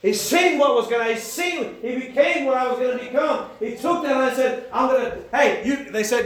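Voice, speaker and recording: A man preaching a sermon, building into shouted emphasis. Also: very high-pitched, lively intonation, fairly quick, hardly any pauses. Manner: impassioned, rising to shouts. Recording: echoey church room.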